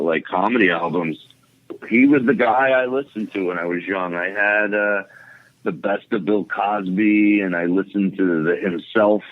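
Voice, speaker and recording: Give me a low-voiced male comedian rambling through a story, heard over a tinny phone line. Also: no echo. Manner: animated, profane storyteller with many fillers. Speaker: comedian guest. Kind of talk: casual storytelling chat. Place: home podcast setup.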